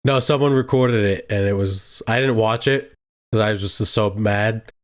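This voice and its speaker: A man's voice: lowish voice, moderate pace. A young man co-hosting a casual podcast, steadily leading the topics and asking his co-host questions. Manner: steady, leads the segments, asks questions. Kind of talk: casual chat.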